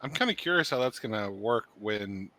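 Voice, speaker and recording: A man chatting casually on a podcast, wry and quick with jokes. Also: on the low side, animated, pushed and bright. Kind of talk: casual chat.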